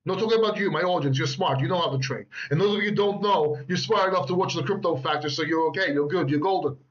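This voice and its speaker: A man's voice: fairly high pitch, fast, highs cut off. A man hosting a crypto channel, giving rambling, boastful market commentary with joking asides from a beach house. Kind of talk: casual market commentary over charts. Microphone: laptop microphone.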